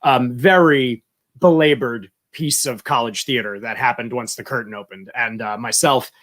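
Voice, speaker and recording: Man, mid-pitch voice, interview guest, chatty, rambling anecdotes, lots of uhs. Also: normal speed, a bit bright. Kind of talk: casual interview answers.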